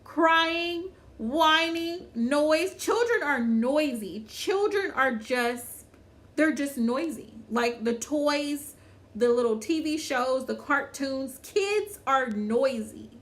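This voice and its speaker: A woman's voice: sits high, lively intonation, slow. A woman hosting a casual livestream chat, talking to viewers by name, repeating her phrases and laughing often. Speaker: livestream host.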